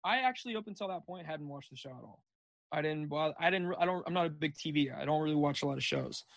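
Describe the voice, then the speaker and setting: A man's voice: fairly high pitch, animated, fast talker, creaky, no echo. A young man, a junior college football player, chatting casually as a podcast guest and telling rambling stories full of "dude" and "like". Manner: laid-back, rambling storyteller saying "dude" and "like". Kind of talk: casual chat.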